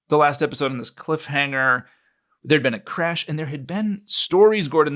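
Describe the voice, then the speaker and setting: A man's voice: mid-range voice, fairly bright tone. A man co-hosting a podcast, talking in a casual, rambling, self-mocking way. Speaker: podcast co-host.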